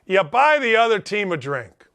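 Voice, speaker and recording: A man's voice: high voice, sing-song, moderate pace, bright, forceful tone. A middle-aged man hosting a sports talk show, ranting bluntly in a riled-up monologue full of folksy slang. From Indianapolis, United States. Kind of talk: opinionated sports radio monologue.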